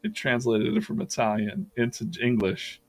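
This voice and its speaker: A man's voice: medium pitch, big pitch swings, moderate pace. A man streaming himself drawing, retelling a story in a loose, rambling way with lots of fillers and restarts. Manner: rambling storytelling with many fillers and self-corrections. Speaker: artist hosting a live drawing stream. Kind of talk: casual chat while drawing.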